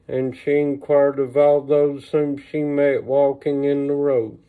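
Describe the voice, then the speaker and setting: A man reading an old religious text aloud on a livestream, slow and measured, with small asides, recorded on a phone. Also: medium pitch. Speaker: reader. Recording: tinny phone-line sound.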